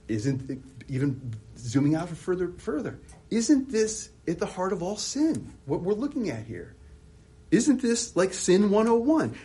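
Male preacher, lively pitch, husky tone, rhetorical and conversational, restarts a lot. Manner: animated, rhetorical questions, frequent restarts. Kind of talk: expository sermon.

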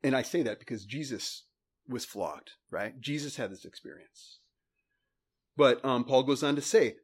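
A male pastor delivering a sermon from the pulpit. He reads scripture slowly and with weight, pressing on key words, and speaks with earnest, moved feeling. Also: medium pitch, lively intonation, husky.

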